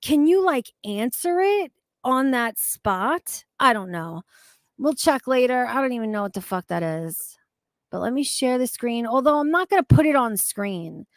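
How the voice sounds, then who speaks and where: A woman chatting casually on a livestream, animated and swearing freely as she rants. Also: on the high side, unhurried, dry recording. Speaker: streamer.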